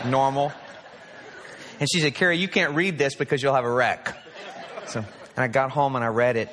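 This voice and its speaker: A man's voice: medium pitch, a bit bright. A pastor in his forties preaching an earnest, story-driven sermon. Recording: played sermon recording with long reverb.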